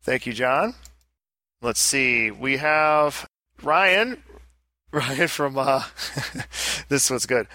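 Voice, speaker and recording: A man's voice: mid-range voice, extremely slow, long pauses, dry recording. A man co-hosting a casual podcast on a headset mic. He reads listener emails aloud, jokes and laughs often. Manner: animated, laughs often, jokey. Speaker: podcast co-host.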